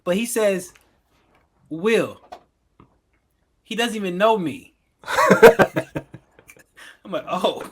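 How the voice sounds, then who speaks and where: A man's voice: high voice, sing-song, slow, long pauses, noisy background. A man co-hosting a podcast, telling stories in casual banter and breaking into laughs. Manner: loose, joking storyteller who breaks into laughter. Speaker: podcast co-host.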